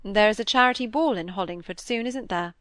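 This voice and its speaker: Earnest young gentleman, read by a woman. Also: medium pitch, fairly quick, dry recording, studio quality, close to an everyday voice. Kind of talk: audiobook character reading.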